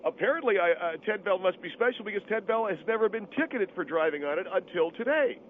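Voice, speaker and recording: A man putting on a boastful steakhouse owner, arrogant and always haggling. His voice sits high and comes through a thin, phone-like line. There is a faint hiss underneath. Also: lively intonation, fast talker. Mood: smug. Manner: arrogant, pushy, bargaining. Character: boastful middle-aged male steakhouse owner.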